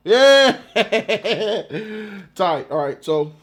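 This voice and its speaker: A man giving a casual, rambling reaction to a movie trailer, excitable and quick to laugh. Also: on the high side, a little hiss or hum.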